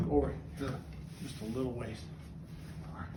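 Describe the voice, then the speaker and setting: A man talking to his pet bird in a casual home video, with a sing-song, coaxing way of speaking that drops to soft cooing. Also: medium pitch, brisk, long pauses, noisy background. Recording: roomy echo, mic at a distance.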